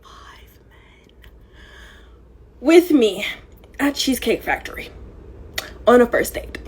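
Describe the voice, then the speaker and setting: A woman's voice: a little high, very animated, a little slow, a little hiss or hum. A woman telling a story in a vlog, in a dramatic and exasperated way.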